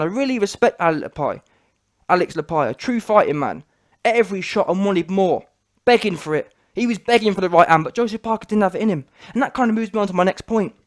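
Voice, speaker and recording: A man hosting a boxing reaction video, ranting emphatically and driving his points home with blunt repetition. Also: sits high. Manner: emphatic, repetitive, keeps saying "fact".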